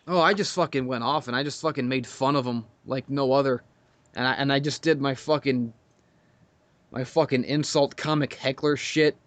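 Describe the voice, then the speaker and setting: A man's voice: mid-range voice, fairly even intonation, normal speed, dry recording. A man telling a crude, profanity-heavy story in casual podcast chat, laughing often. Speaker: podcast guest.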